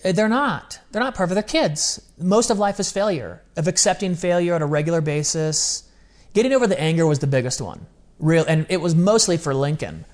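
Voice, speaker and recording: A man's voice: on the high side, lively intonation, brisk. A man speaking as a podcast guest in a candid interview, telling stories in an earnest, open, confessional way and often quoting what he once said. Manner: quotes his own past words in dialogue.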